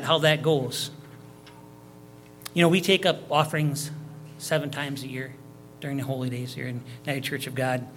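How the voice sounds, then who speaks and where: A man's voice: on the high side, a bit bright. A man preaching a sermon, reading scripture verses aloud and explaining them in plain, conversational terms, with repeats and fillers. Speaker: pastor.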